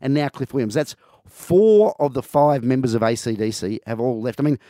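A man's voice: medium pitch, normal speed, warm tone, no room sound, studio quality. A man co-hosting breakfast radio, chatting passionately with lots of ums and restarts. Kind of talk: casual radio chat. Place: radio studio. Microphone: close studio mic.

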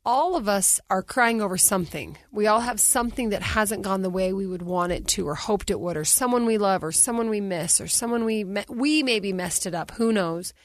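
A woman in her forties hosts a podcast from a studio, speaking candidly and expressively as she tells personal stories. Her pitch sits in a middle range, and the sound is close and dry. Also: moderate pace, hardly any pauses, no room sound. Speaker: podcast host. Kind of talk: podcast conversation. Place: recording studio.

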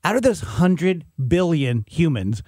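A man hosts a talk show with a fairly high voice. He keeps things loose and jokey as he steers the segments. The studio sound is dry. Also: very animated, measured pace, darkish tone, no echo. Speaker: radio host. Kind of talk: casual talk radio chat.

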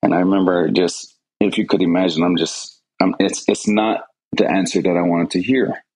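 A man's voice: deep voice, steady tone, moderate pace, a little mellow, husky, low-quality recording. A man earnestly recounting a personal story in an interview, often repeating words as he goes. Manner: earnest, repeats words, acts out quoted voices.

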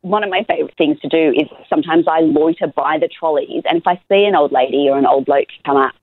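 A woman's voice: sits low, quick pace, no room sound. A woman in her thirties with an Australian accent, chatting casually as a podcast co-host and telling stories with laughs. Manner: chatty, animated storytelling with laughs. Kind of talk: casual chat. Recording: tinny phone-like line.

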